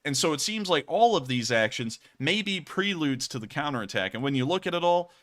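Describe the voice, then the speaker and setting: A young man talks through war news on his live stream. His voice is bright and forceful, and he speaks loosely and conversationally, often correcting himself mid-sentence. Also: on the high side, very animated, brisk. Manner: conversational, self-correcting, says y'all. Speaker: war news livestream host. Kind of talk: casual live-stream commentary over maps and footage.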